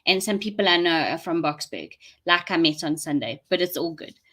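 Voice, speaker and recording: A woman's voice: lowish voice, lively intonation, brisk, bright, forceful tone. A woman with a South African accent, chatting casually and rambling to viewers during a live stream, laughing often. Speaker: livestream host.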